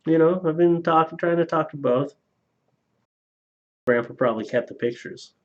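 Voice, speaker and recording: A man in a relaxed live-stream chat, reading viewer donations aloud. His talk is loose and profane, and he laughs at his own jokes. The stream audio is a little dull and lo-fi. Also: on the high side, normal speed.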